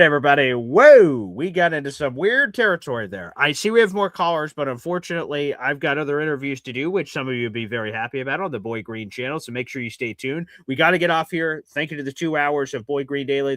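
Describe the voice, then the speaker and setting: A man hosting a live sports talk show, excitable and swearing freely. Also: on the high side, quick pace, few pauses, no echo. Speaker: host.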